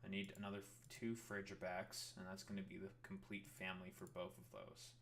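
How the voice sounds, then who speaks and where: A man's voice: low voice, completely flat delivery, brisk, gravelly, a bit bright. A young man streaming, chatting casually in a rambling, sarcastic way with lots of swearing. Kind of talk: casual live-stream commentary.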